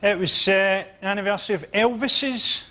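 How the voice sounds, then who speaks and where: A man's voice: sits high, moderate pace, bright, forceful tone. A male comedian telling sardonic, provocative stand-up jokes. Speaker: comedian panellist.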